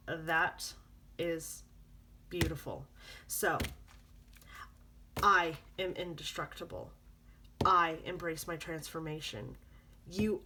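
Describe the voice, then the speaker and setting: A woman's voice: fairly low pitch, fairly even intonation, takes it slowly, long pauses, background noise. A woman doing a spoken tarot reading, coaching viewers in an earnest, repetitive way. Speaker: tarot reader.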